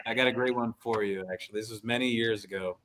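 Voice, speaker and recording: A man's voice: fairly low pitch, fairly even intonation, fast talker, a loud crowd. A man co-hosting a sports podcast over a video call, telling long stories that quote himself and others. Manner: long-winded storyteller who quotes himself. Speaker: podcast co-host. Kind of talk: casual sports chat.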